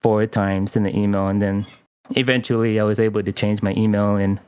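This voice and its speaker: Smooth, low-voiced male podcast co-host. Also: flat delivery, brisk, a little mellow, dry recording. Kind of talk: casual chat.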